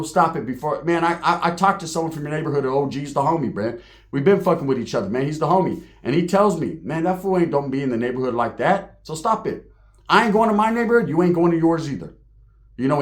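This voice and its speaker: Fired-up man ranting with a higher pitch. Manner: profane, slangy street talk, confrontational. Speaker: online show host. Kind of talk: heated direct-to-camera rant.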